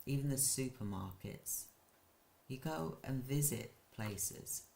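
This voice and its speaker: A man who runs a care business, hosting a live stream and giving casual advice in a slow, halting way with frequent restarts. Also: medium pitch, lively intonation, creaky, a little mellow.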